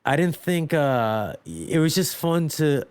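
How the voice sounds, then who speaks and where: A man's voice: fairly high pitch, big pitch swings, slow pace, darkish tone, smooth. A man co-hosting a podcast, chatting casually about a movie, rambling with lots of fillers and restarts. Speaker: podcast co-host.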